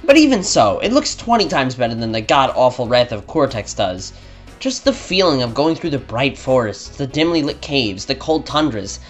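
Blunt sarcastic guy reading his game review, lively up and down voice, faint music under. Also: mid-range voice, normal speed. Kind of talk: scripted video review narration.

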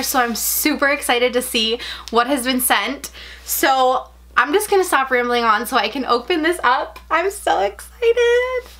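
A young adult woman chatting at home as she unboxes a package, gushing and gasping with excitement as she rambles on. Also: fairly high pitch. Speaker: unboxing vlogger.

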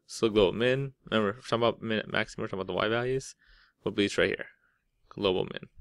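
A man's voice: on the low side, fast, vocal fry, dry recording, studio quality. A man teaching a math lesson, explaining step by step in a casual way and often checking in with "right?". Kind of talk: classroom lecture.

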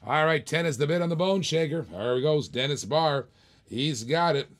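A man's voice: on the high side, lively intonation, moderate pace. A man hosting a live toy car auction, joking and urging bidders on, a little short of breath.

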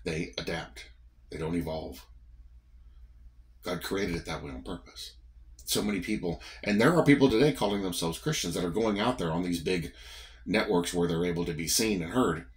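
This low-voiced man speaks at normal speed with a Southern US accent, being from the American South. He leads a morning devotion, preaching with emphasis and repetition in a conversational tone.

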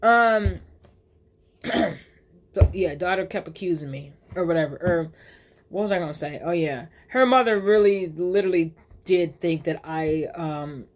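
A woman with a lowish voice tells a personal tale a little slowly for her storytime vlog, with slight background noise. She wanders off track, swears a lot, leans on slang fillers, and keeps restarting and fixing her sentences.

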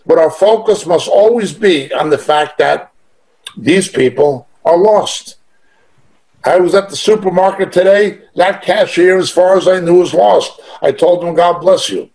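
On a rough recording, a man with a high, slightly mellow voice works slowly through a Bible passage one verse at a time. He reads the verses aloud and drives his points home by emphatically repeating key phrases.

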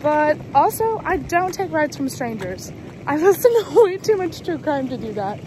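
A young woman vlogging casually and excitably, full of fillers, talking into a handheld phone. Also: sits high, moderate pace. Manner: chatty, excitable, lots of fillers. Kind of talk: casual travel vlog. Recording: noisy phone video outdoors.

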